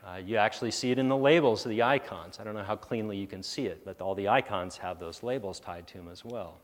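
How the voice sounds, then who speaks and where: A lower-voiced man presents a technical session in a large conference hall, his voice carrying a long echo off the room. He breaks into sarcastic, animated asides, then thinks aloud with fillers and restarts. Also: fast talker.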